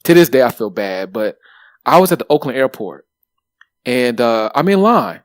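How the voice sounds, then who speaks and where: A man in his thirties co-hosting a podcast, telling stories in a lively way with plenty of swearing and fillers. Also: mid-range voice, normal speed, dry recording, studio quality. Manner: animated, swears freely, lots of fillers. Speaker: podcast co-host. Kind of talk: casual chat, storytelling.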